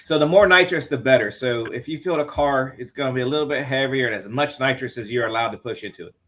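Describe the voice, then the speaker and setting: A man's voice: medium pitch, quick pace, fairly bright tone. Man asking technical racing questions. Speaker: guest.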